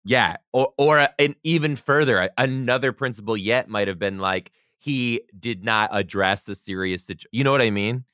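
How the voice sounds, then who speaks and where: A man's voice: medium pitch, normal speed, few pauses, bright, forceful tone, no room sound, studio quality. A man in casual podcast chat, reacting expressively and jumping in with exclamations.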